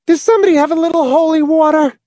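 A man doing a brash, high-voiced bar girl. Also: animated, a little slow, dark tone, no room sound, clean studio sound. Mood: bossy. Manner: bold, demanding, penetrating soprano.

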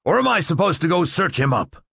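A man's voice: lowish voice, sing-song, slow, a bit bright, breathy edge, no room sound, clean studio sound, exaggerated voice. A man voicing a tense, commanding director who speaks curtly and sharply, in a storybook reading. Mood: grim.

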